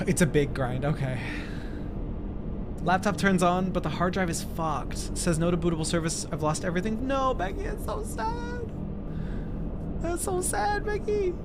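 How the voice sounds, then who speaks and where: Animated, swearing young male streamer. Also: on the high side. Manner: animated, swearing, loud reactions. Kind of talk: live game reaction stream. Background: music.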